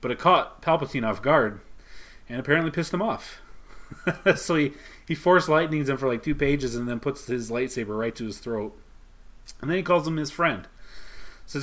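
On a podcast, a male co-host walks through a comic one scene at a time in a relaxed chat, quoting the characters as he goes. His voice is medium in pitch and fairly bright, at a normal speed.

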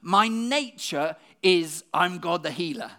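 A preacher gives a brisk, conversational sermon to the congregation, frequently tossing out rhetorical questions. The mid-range voice is animated and a bit bright, and words often get repeated as thoughts restart.

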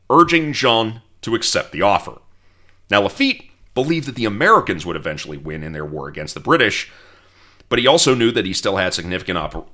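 Male podcast host telling history with wry humor; animated, bright delivery. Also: fairly low pitch. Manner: storytelling, reads quotes aloud, wry asides.

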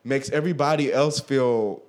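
A man's voice: medium pitch, normal speed, darkish tone. A man interviewing a podcast host, talking expressively with lots of likes and restarts. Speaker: guest interviewer. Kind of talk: casual podcast chat.

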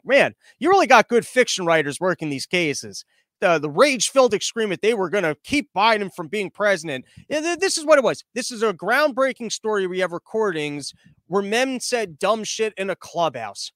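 A man hosting a live-streamed podcast, ranting loudly and sarcastically, a bit out of breath from pacing and yelling. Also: high-pitched, lively intonation, normal speed, no echo, studio quality. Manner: sarcastic, loud, mocking. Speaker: podcast host.

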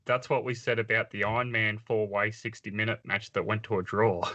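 A man's voice: on the low side, level tone, fairly quick, bright, forceful tone. A man co-hosting a casual podcast chat, dropping dry, wry quips. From Australia. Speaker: podcast co-host. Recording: slightly dull lo-fi audio.

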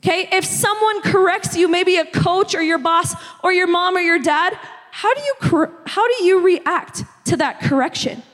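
A woman's voice: extremely high pitch, normal speed, a bit bright. A young woman from the United States who preaches a conversational sermon as a youth pastor and keeps checking in with "okay?". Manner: conversational, repeatedly asking "okay?". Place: church hall. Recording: long church hall reverb.

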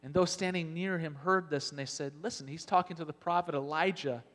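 Animated male pastor in a reverberant hall. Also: a little high, a little fast. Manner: animated storytelling, acting out Bible scenes. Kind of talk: sermon.

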